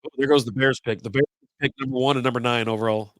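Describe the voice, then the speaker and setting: A congested man in his forties rants on a casual live stream, rambling and exasperated as he plays both sides of his phone calls. His voice sits at an ordinary middle pitch, close and dry on the mic with no room around it. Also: fairly even intonation, fast, no echo, poor audio. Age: 40s. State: congested from sinus infection. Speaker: podcast host.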